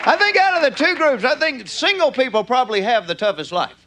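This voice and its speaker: A man's voice: extremely high pitch, very animated, brisk, a crowd in the background. A man with a Southern US accent doing folksy stand-up comedy with a drawling, punchy delivery. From American South. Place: live theater stage. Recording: live show with audience noise.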